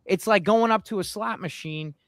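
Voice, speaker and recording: A man telling stories in a casual chat, animated and growing heated when riled. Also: sits high, normal speed, no echo, studio quality.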